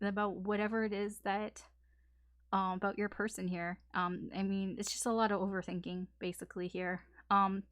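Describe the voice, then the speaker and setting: A woman's voice: medium pitch, dry recording. A woman giving a casual tarot reading, talking in a loose, rambling way with lots of fillers and restarts. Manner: chatty, rambling, many ums and likes. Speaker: tarot reader.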